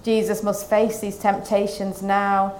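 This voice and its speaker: A woman preaching a Lent sermon, reading scripture and reflecting in a calm, measured way. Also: mid-range voice, slight background noise.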